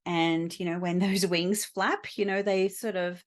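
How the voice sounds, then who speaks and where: A middle-aged woman teaching astrology in a recorded lecture, unhurried, with frequent fillers and pauses. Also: on the low side, fairly even intonation.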